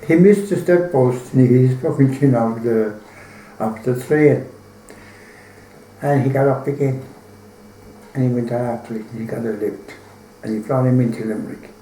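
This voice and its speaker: A man's voice: medium pitch, normal speed, pauses often, mellow, roomy sound, a little hiss or hum, rough recording. An Irish man telling a folk tale in a rambling, colloquial way, full of swearing. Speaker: storyteller.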